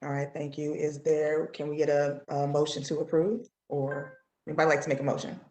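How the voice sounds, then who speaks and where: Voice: mid-range voice, level tone, a little fast, darkish tone, echoey room, a little hiss or hum. The chair of a transit board running a public meeting, polite and procedural.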